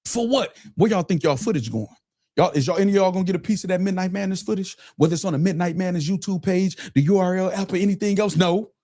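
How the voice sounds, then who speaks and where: This high-pitched, fast-talking man has a dark tone. Streaming on his own platform, he rants angrily and profanely, taunting his audience and looping the same phrases repeatedly.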